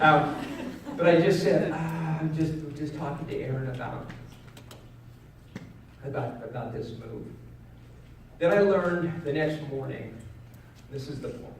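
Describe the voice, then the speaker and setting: A middle-aged man giving a motivational keynote, telling a personal story in an earnest way that moves from loud to hushed. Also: medium pitch, background noise. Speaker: keynote speaker. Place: large event hall. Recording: echoey hall, mic at a distance.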